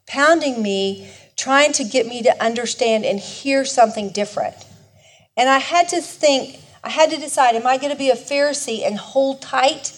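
Earnest woman teaching a Bible lesson. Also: on the high side. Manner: earnest, conversational, often restarts mid-sentence.

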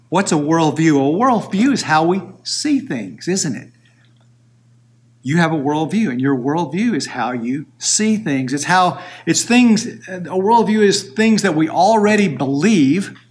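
A man preaching a sermon, slowly repeating key words for emphasis. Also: on the high side. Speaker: pastor.

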